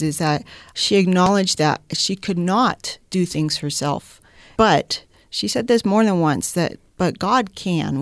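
A woman's voice: on the low side, no room sound, clean studio sound. A woman co-hosting a faith discussion, thinking aloud in a searching, thoughtful way. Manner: thoughtful, searching, many restarts.

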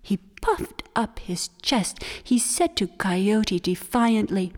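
A woman storyteller telling a folk tale for children, expressive, slipping into breathy whispers. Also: medium pitch, slow, few pauses. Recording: long hall reverb.

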